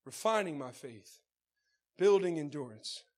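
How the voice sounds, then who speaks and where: A male pastor delivers a sermon, calling out to his congregation as he moves between soft, low passages and shouted preaching. His intonation is lively and his pace a little slow.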